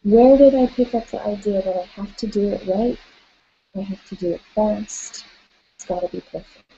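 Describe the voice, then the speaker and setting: A woman leading a guided tapping session, calling out tapping points and gently coaching listeners through spoken affirmations. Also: mid-range voice, steady tone, moderate pace, creaky, dull audio, a little hiss or hum.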